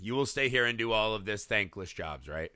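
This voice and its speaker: A man's voice: fairly low pitch, a little fast, dry recording, studio quality. A man on a casual film-discussion podcast, retelling scenes with lots of swearing. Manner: profane, animated retelling of scenes.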